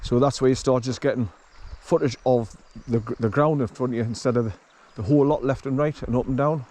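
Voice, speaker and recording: Man, mellow voice, outdoor forest walk vlog, chest-mounted mic, rambling and halting, chats to his dog. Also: medium pitch. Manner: rambling, halting explanations with many restarts; talks coaxingly to his dog. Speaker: vlogger. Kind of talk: casual walking vlog. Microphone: chest-harness camera.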